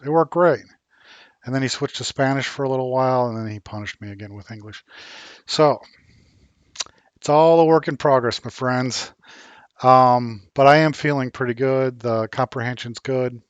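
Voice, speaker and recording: A man talking casually in a vlog about learning Spanish, halting and full of ums and restarts, a little worn out. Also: mid-range voice, no echo, highs cut off. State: a bit worn out.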